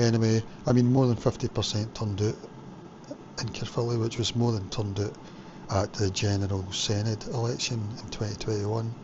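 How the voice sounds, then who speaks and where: A man from Scotland chatting casually on his vlog while cooking, rambling with lots of fillers. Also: lowish voice. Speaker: vlogger. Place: home kitchen. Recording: lo-fi home recording with background noise.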